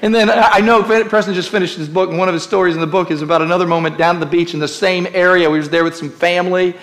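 A middle-aged man preaching a sermon, telling stories and rising to impassioned shouts. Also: high voice, steady tone, very fast. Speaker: pastor.

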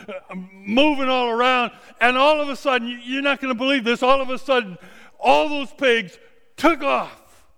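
A man preaches through a first-person story, stumbling and repeating words as he goes. His voice sits very high and bright, and his delivery is slow and unhurried. A long reverb trails behind every phrase. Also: vocal fry, smooth. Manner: halting, repeats words as he retells.

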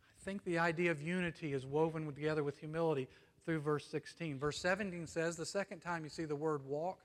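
American pastor preaching in a reverberant hall. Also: male voice, a little high, fairly even intonation, a little fast. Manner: earnest, swings between emphatic and hushed, frequent "you see?". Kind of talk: sermon.

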